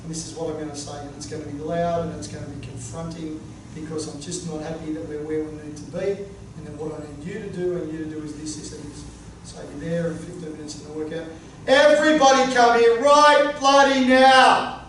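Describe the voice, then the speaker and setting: Animated man giving a coaching workshop. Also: fairly high pitch, fast talker. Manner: animated, joking, punchy. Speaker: sports coaching presenter. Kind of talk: workshop talk. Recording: echoey room, far from mic, noisy.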